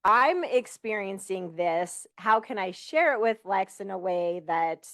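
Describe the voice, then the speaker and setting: A middle-aged woman co-hosting a podcast with her daughter, reflecting calmly and deliberately on shared experiences. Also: mid-range voice, no room sound. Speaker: podcast co-host, mother. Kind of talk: candid podcast conversation.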